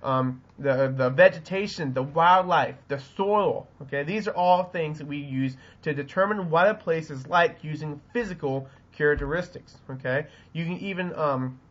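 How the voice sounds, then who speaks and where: The webcam recording is muffled as a Southern US teacher lectures on geography. His voice is a little high, his pace moderate with few pauses, and he rambles with lots of ums and restarts.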